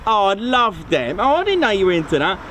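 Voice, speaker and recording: A man's voice: high-pitched, big pitch swings, brisk, background noise. A man hosting a live stream outdoors, chatty and teasing, explaining aircraft plainly. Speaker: host of a live plane-spotting stream. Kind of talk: casual live commentary. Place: outdoors at an airfield viewing area.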